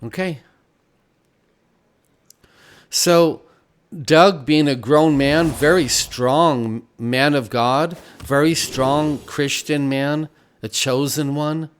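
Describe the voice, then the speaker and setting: Slow, preachy gaming host man. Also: fairly high pitch, clean tone. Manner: unhurried, repeats phrases like a preacher. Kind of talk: gameplay commentary mixed with preaching.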